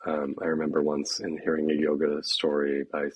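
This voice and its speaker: Very deep, husky-voiced man. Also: monotone, brisk, no room sound, low-quality recording. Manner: earnest and candid, with frank swearing. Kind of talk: reflective spiritual conversation.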